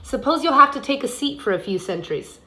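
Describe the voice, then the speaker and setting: Heard first is a raised, silky lilt, as a woman does a greedy, mocking gatekeeper of the dead in a storybook reading. The tone stays bright and edged, with sly amusement in every word. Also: sits high, expressive, fast, pitched above the performer's own voice. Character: smooth, greedy male underworld gatekeeper, adult.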